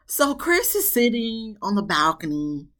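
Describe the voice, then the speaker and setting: Woman doing a casual tv review vlog, chatty and emphatic, kinda dramatic, mid pitch. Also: very animated, a little slow, fairly bright tone. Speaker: TV show reviewer.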